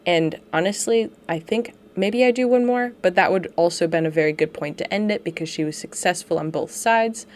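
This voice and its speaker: A woman's voice: lowish voice, moderate pace, hardly any pauses, a little mellow. A woman dog agility trainer giving a chatty, self-deprecating voiceover on her training footage, laughing often as she talks from home.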